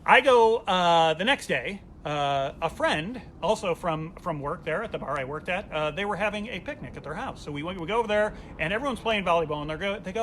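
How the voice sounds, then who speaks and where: A man telling a funny personal story in a casual comedic way, acting out the voices with big jumps in pitch and volume. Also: fairly quick, fairly bright tone, slight background noise. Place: home during quarantine.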